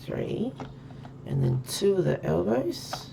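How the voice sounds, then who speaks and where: A woman's voice: fairly low pitch, very animated, takes it slowly, gravelly, dark tone, slight background noise. A woman chatting casually and thinking aloud as she plays a game on stream. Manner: chatty, thinks aloud while counting items. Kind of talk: casual gameplay commentary.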